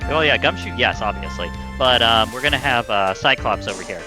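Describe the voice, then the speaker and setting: A stream host chatting casually and excitably, thoughts tumbling out. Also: medium pitch, fairly quick, poor audio. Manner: scattered, excitable. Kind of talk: casual chat. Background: background music.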